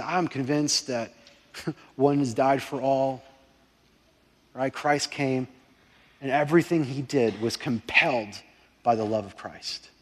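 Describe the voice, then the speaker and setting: A man preaching a sermon as pastor, passionate and excitable, swinging between loud fervent prayer and hushed urgency. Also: mid-range voice, breathy edge. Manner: impassioned, rising to near-shouting prayers, then dropping quiet. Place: church sanctuary. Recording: long hall reverb.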